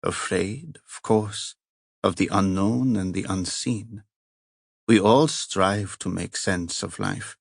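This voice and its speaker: A narrator puts on a grave Italian monk, a man at ease with his power, with a heavy Italian accent. He talks slowly and solemnly in a lowish voice, in the dry, close sound of an audiobook recording. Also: vocal fry, slightly rough, no room sound, heavily acted. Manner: slow, solemn and measured.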